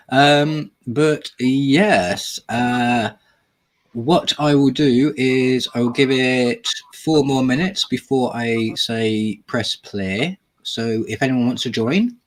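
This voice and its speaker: A man's voice: medium pitch, slow pace. Playful, teasing male stream host. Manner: teasing and playful, laughs often. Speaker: host of a watch-along stream. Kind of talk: casual chat.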